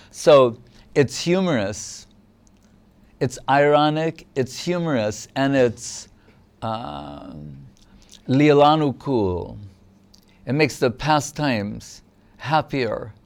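Male spiritual teacher, devotional lecture, unhurried and smooth, mid-pitched, reflective. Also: darkish tone. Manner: measured, reflective explaining.

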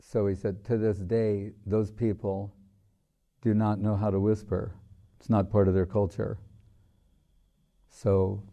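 An older man giving a slow, reflective devotional talk as a spiritual teacher, opening with chanted prayers. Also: lowish voice, level tone, creaky, dark tone. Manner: slow and reflective, with long pauses.

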